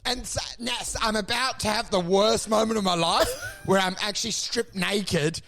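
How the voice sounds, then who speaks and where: High, gravelly man ranting. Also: fairly even intonation, normal speed, a bit bright, faint music behind. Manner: absurd, self-deprecating storytelling. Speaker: podcast co-host. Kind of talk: comedic podcast rant.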